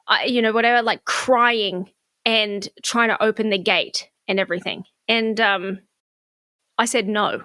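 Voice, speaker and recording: A woman's voice: medium pitch, fairly even intonation, unhurried, pushed and bright, dry recording, studio quality. A middle-aged woman co-hosting a podcast, candidly telling a personal story in casual chat. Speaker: podcast co-host.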